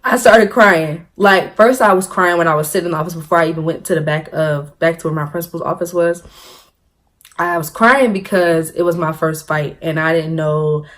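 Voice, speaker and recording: A young woman tells a story-time vlog in a lively, animated way, laughing at her own jokes and acting out what people said. Her voice sits a little low for a woman. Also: a little fast. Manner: animated, laughing, acts out quotes. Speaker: vlogger.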